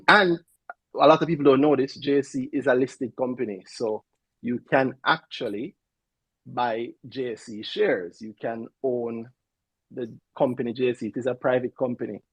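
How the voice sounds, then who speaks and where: A man with a gravelly, husky voice hosts a casual livestream show. His sound is dry and close, and he talks in a loose, chatty way, often stumbling over and repeating his words. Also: mid-range voice, moderate pace, no echo, low-quality recording. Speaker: show host.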